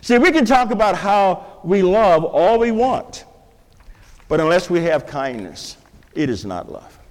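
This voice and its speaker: A man's voice: sits high, animated, a little slow, darkish tone, in a large hall. A man preaching an interactive sermon to a live congregation in a church, quizzing listeners with playful questions. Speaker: pastor. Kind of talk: interactive sermon with object lessons.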